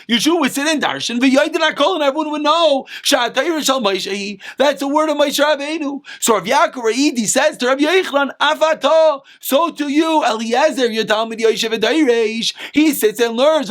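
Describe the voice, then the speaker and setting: A rabbi giving a Talmud lesson, reading Aramaic phrases and explaining them in casual English with excitable emphasis. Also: male voice, extremely high pitch. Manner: excitable, voice jumps up when stressing points. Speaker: rabbi teaching daily Talmud class.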